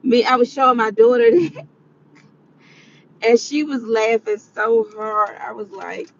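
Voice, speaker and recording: A woman's voice: a little high, a little slow, muffled recording, slight background noise. A tired woman vlogging to her viewers in a rambling, chatty monologue. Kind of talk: casual monologue.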